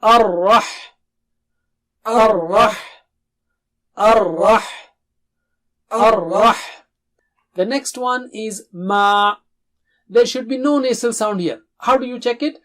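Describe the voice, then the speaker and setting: A Quran recitation teacher giving a slow, deliberate lesson, drawing out each syllable and pausing for learners to repeat, with calm explanations between drills. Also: medium pitch.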